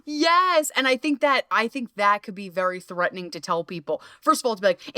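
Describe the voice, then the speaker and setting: Woman host, casual podcast chat, lively and profane, acts out quotes, dry close mic. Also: mid-range voice, a little fast, few pauses, no room sound. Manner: animated, swearing, quoting herself in playful voices. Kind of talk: casual conversational interview.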